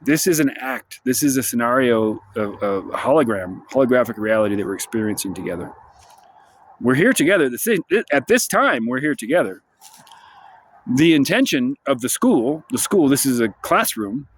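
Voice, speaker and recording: A man's voice: mid-range voice, big pitch swings, moderate pace, slight background noise. A man delivering a rambling, profane, sardonic monologue for his vlog, outdoors in the sunshine. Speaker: vlogger.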